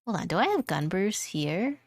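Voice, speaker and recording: A woman's voice: medium pitch, big pitch swings, normal speed, no room sound, studio quality. A woman streamer chatting casually and playfully while drawing, rambling from one joke to the next and laughing often. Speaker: vtuber streamer.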